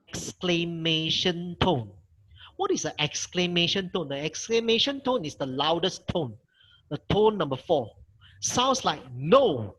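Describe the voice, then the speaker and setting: A middle-aged Mandarin lecturer with a Malaysian English accent holds a language workshop over a video call, patient and repeating himself as he models tones. His voice is on the high side, a bit bright with a breathy edge, and the audio is poor.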